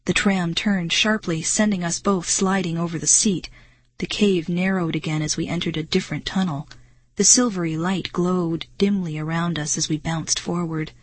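A woman's voice: fairly low pitch, fairly even intonation, moderate pace, breathy edge, dry recording. A woman narrating a first-person children's adventure story in a suspenseful, dramatic reading voice. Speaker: audiobook narrator.

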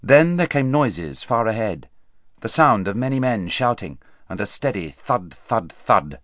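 A man narrates a story with an expressive, animated delivery. His voice sits on the low side and rises and falls in wide, lively swings. The recording is close and dry, with no room around it. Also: a little slow, no room sound. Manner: expressive storytelling, varied pace. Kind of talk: audiobook narration.

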